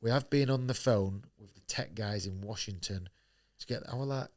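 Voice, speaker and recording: Blunt northern English man with a low voice. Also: moderate pace, darkish tone. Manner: blunt, swears freely, acts out quoted dialogue. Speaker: guest, professional boxer. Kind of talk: candid storytelling in a podcast interview.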